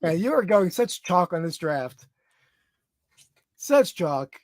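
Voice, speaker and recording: A man co-hosting a casual podcast over a video call, easygoing and chuckling as he argues his point. His voice is high-pitched. The sound is dry, with no room echo. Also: very animated, takes it slowly. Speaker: podcast co-host.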